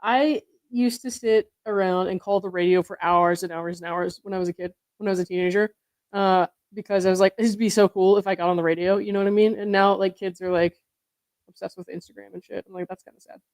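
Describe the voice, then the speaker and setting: A woman's voice: mid-range voice, steady tone, a little fast, darkish tone, no echo. Chatty woman host with a dry sound. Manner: chatty, laughing, rambling tangents. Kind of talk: casual chat.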